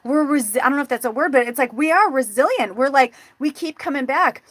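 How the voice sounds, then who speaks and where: A woman in her forties hosting a spiritual show, talking casually and acting out quoted dialogue in a chatty, animated way. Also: high-pitched, fast, no room sound. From United States. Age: 40s. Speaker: spiritual medium host. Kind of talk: casual livestream chat.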